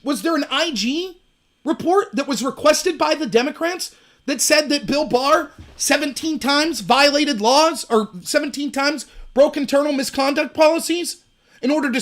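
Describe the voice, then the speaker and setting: High-pitched sarcastic male livestream host. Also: moderate pace, fairly bright tone. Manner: sarcastic, mocks opponents in high shrill voices; repetitive, emphatic ranting. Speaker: political commentary livestream host. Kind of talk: solo livestream commentary.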